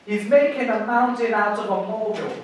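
A man preaching a sermon, telling a story in an animated way and repeating words as he builds a point. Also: sits high, a little fast, far from the mic, a little hiss or hum. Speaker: pastor. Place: church hall. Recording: echoey church hall from afar.

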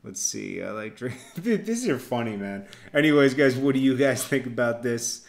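A man's voice: mid-range voice, lively intonation, moderate pace, gravelly. A man hosting a hip-hop news channel, talking loosely with frequent "uh"s and chuckles. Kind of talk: casual reaction commentary.

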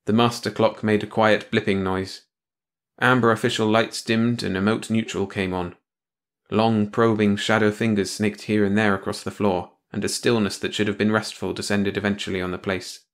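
A man narrating a short story as an audiobook, reading in a steady, measured storytelling way. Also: on the low side.

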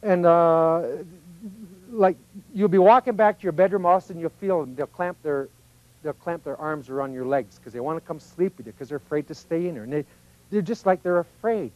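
A man's voice: fairly high pitch, fairly quick, darkish tone, no room sound, highs cut off. A man giving an informal, folksy teaching talk, often acting out little voices of children and parents. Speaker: speaker on personal growth.

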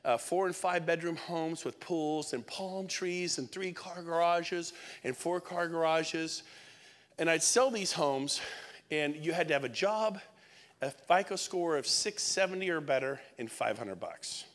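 A man in his fifties giving a lively, joking motivational speech to a live audience, often shouting for emphasis. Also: on the high side, unhurried. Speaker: keynote speaker. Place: event hall. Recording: long reverb of a large event hall.

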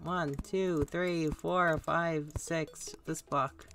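A woman's voice: sits low, steady tone, extremely slow, a bit bright, soft background music. A woman streamer giving casual, sarcastic, self-mocking commentary while playing a game. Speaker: gaming streamer. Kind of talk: casual live gaming commentary.

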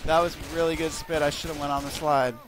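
A young man giving profane, excitable gameplay commentary, cursing at his teammates with loud outbursts. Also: fairly high pitch, fast, a little hiss or hum. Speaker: gaming video creator.

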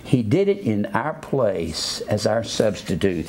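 A man preaching a sermon, spelling out words letter by letter and swinging between low asides and raised emphatic preaching. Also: sing-song, slow pace, darkish tone, a little hiss or hum.

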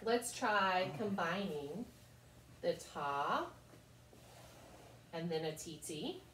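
A woman's voice: lowish voice, animated, extremely slow, a bit bright, a little hiss or hum. A woman teaching children a music lesson, cheerfully chanting rhythm syllables. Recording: echoey room, mic far off.

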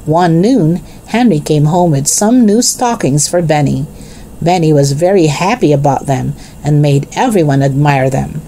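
A woman reading a children's chapter book aloud in a gentle, expressive way. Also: low-pitched, a little hiss or hum. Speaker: narrator.

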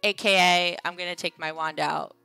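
A woman's voice: on the low side, fairly even intonation, normal speed, gravelly, pushed and bright, smooth, no room sound, soft background music. A young adult woman hosting a casual game livestream, chatting playfully and joking with her viewers. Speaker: livestream host.

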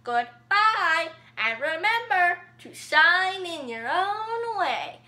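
A woman's voice: very high voice, very animated, drawn-out words, bright, forceful tone, pitched above the performer's own voice, full character voice. A female speaker voicing a cheery talking flower in a sweet, sing-song, upbeat way.

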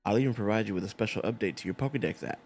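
A man reading the lines of a chatty, gushing woman teacher aloud from a game in his own gravelly voice, without much effort to act her. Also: fairly low pitch, very fast, darkish tone, faint music behind. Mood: explanatory. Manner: reads on-screen game dialogue aloud in a loose, unpolished way.

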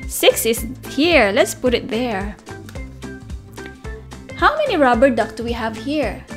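A woman teacher reading a story aloud to toddlers, slow and sing-song, asking questions and counting along. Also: sits high. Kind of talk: children's story time read-aloud.

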